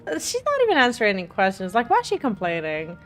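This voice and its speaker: A woman's voice: medium pitch, wildly swooping pitch, fast, a bit bright. A woman gaming streamer giving casual let's-play commentary, chatty and reactive, laughing often.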